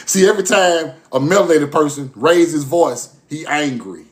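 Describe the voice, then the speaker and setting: A high-voiced man addresses the camera in a fervent, swear-filled monologue, repeating himself often. He shifts back and forth between forceful eruptions and low, muttering stretches.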